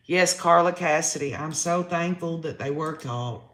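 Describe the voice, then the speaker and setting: A man's voice: fairly high pitch, moderate pace, fairly bright tone, echoey room. A man hosting a live-stream trial recap, reading chat comments aloud and reacting with emotion. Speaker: host.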